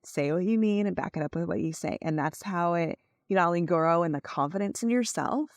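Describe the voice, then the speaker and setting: Low-voiced woman coaching podcast host. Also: a little fast, dry recording, clean studio sound. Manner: coaching tone, asks listeners to check understanding; uses many "like" fillers. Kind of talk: solo podcast teaching.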